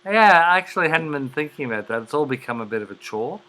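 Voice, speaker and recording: A man in a casual chat, sharing jokes and laughing loudly. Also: on the high side, animated, fast, rough recording.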